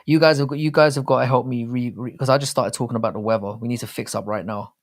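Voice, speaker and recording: A man's voice: mid-range voice, fairly even intonation, fast talker. A young English man with an English accent, hosting a live chat stream, rambling casually, swearing often and reading viewer comments aloud. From England. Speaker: livestream host.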